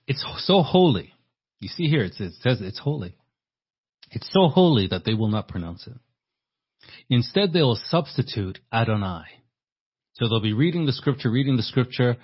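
A man's voice: medium pitch, very animated, normal speed, pauses often, breathy edge. A man preaching a sermon with emphatic rhetorical questions, often repeating words as he thinks. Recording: dull lo-fi sermon recording.

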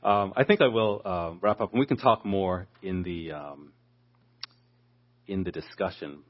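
A man's voice: low-pitched, a little slow. A man preaching a Bible study, explaining a passage verse by verse and acting out the people he quotes. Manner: expository, acts out quoted speakers. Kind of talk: Bible teaching. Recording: dull lo-fi sound.

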